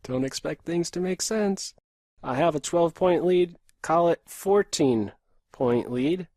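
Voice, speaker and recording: Streamer, man in his thirties, from Pennsylvania, USA: slow clipped play-by-play, half to himself, dry close mic. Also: a little high, animated, mellow, dry recording. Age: 30s. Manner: muttering running commentary, terse half-sentences to himself. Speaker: chess streamer. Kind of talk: live commentary while playing bullet chess.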